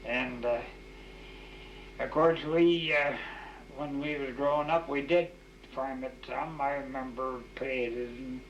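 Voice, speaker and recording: A man's voice: medium pitch, fairly even intonation, a little slow, a little hiss or hum. An older man telling rambling, folksy stories in an oral history interview, full of restarts and "you know". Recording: echoey, dull 1989 tape recording.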